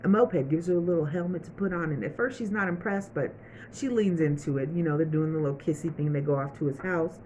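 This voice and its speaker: A woman's voice: low voice, quick pace, darkish tone, slight background noise, low-quality recording. A woman giving a casual, chatty recap of a TV episode, acting out the characters' lines as she goes. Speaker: TV show reviewer.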